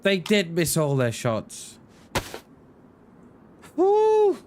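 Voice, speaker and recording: Slow-talking man streaming a game. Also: medium pitch, animated, slight background noise. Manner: rambling, chatty, quick to laugh at himself. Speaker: gaming streamer. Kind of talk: casual live-stream chat while gaming.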